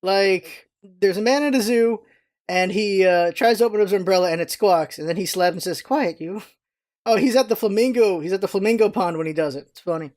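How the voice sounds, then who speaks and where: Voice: fairly quick, a little mellow. Rambling vlogger in their thirties. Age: 30s. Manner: chatty and meandering, with frequent restarts and jumps in pitch. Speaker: vlog host. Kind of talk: casual rambling vlog talk.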